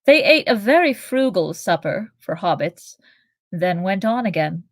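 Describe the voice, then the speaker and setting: A woman podcast co-host reading a novel aloud in a steady voice, chatting and laughing between passages. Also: medium pitch, a little slow, dry recording, clean studio sound. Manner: steady reading, giggly in chat.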